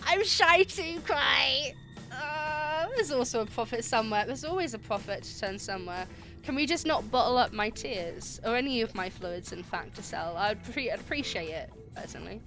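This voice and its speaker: A woman's voice: a little high, animated, normal speed, soft background music. A woman streamer chatting casually and giggling while she plays a dating game and thanks viewers for gifted subs. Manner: giggly and chatty, reacting loudly.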